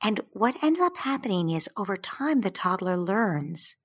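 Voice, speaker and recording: A woman who is a parenting expert, explaining in a gentle, soothing way and slowing down to stress her points. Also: medium pitch, very animated, slightly rough. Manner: gentle, soothing, slows down for emphasis. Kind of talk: calm explanatory advice.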